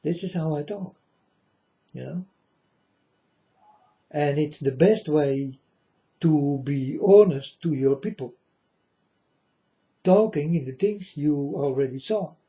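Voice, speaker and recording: Slow, dark-voiced man preaching to viewers. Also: on the high side, lo-fi sound. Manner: slow, repetitive, keeps asking "you understand?". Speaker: channel host. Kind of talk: religious monologue to viewers.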